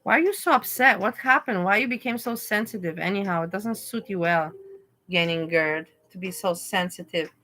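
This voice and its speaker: Bright-voiced woman chatting on a livestream. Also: mid-range voice, normal speed. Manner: pleading, reasoning with a chat viewer. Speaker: livestream host. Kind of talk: casual livestream chat to viewers.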